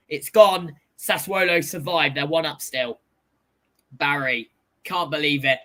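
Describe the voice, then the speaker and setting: A male host giving a casual live chat about football scores, excitable and jokey, shouting when goals go in. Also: a little high, slow.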